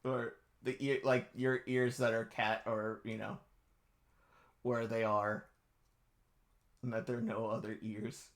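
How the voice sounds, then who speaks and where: A man's voice: mid-range voice, little pitch movement, a little slow, long pauses. A man narrating as game master of a tabletop game, casually describing scenes.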